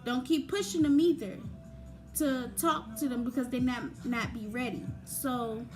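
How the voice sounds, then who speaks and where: A woman's voice: sits high, steady tone, unhurried, a little mellow. A young woman giving informal, conversational advice about grief, with frequent fillers. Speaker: grief talk presenter. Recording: faint background music.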